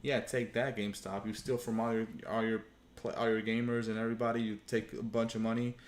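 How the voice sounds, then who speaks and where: A man's voice: fairly low pitch, flat delivery, a little fast. Frustrated man ranting, echoey room. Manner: frustrated, profane, rambling, acts out quoted dialogue. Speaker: gaming channel host. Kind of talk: casual storytelling rant. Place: home room, livestream.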